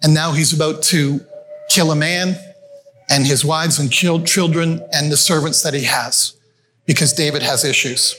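A man's voice: on the high side, fairly even intonation, moderate pace, a bit bright, soft background music. A male pastor preaching a sermon in a conversational storytelling way, calling his listeners friends. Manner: conversational, addresses the audience as friends. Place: church meeting room with a screen.

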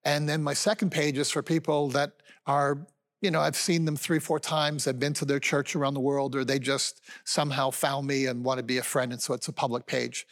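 A man's voice: mid-range voice, flat delivery, fairly quick. A man in his sixties preaching a sermon as a pastor, earnest and conversational, often calling his listeners friends. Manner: conversational preaching with fillers and restarts.

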